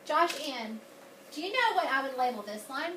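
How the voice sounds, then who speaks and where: High-voiced teacher in echoey classroom. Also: female voice, very animated, moderate pace, bright, forceful tone, recorded from a distance, a little hiss or hum. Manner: upbeat, coaxing, repeats key words. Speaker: elementary school teacher. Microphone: far camera.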